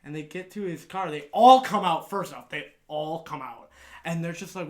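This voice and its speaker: A young man telling a wild story in a casual podcast chat, swearing often and getting loud when he laughs, his voice worn out from talking. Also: fairly high pitch, normal speed, a little hiss or hum. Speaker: podcast co-host.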